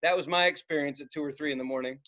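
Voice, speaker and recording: High-voiced man telling a wild story. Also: very fast. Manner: animated, acts out voices with loud outbursts. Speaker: podcast co-host. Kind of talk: casual storytelling chat.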